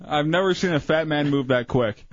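A man's voice: fairly high pitch, moderate pace, dry recording, muffled recording. Wry male radio co-host. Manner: wry, needling questions. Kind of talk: radio banter.

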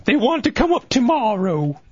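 A man's voice: extremely high pitch, big pitch swings, normal speed, darkish tone, breathy edge. A man mumbling unsure answers as a radio show's producer. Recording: dry, dull lo-fi radio audio.

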